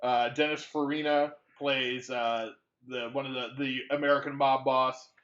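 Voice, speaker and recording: A man's voice: medium pitch, little pitch movement, a little slow, a bit bright, lo-fi sound. A man co-hosting a movie podcast, chatting casually with a rambling delivery full of fillers and restarts. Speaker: podcast co-host. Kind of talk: casual movie-review chat.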